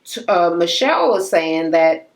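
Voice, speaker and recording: A woman's voice: fairly low pitch, unhurried. Blunt, profane woman ranting a recap. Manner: exasperated, animated. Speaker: reality TV recap vlogger.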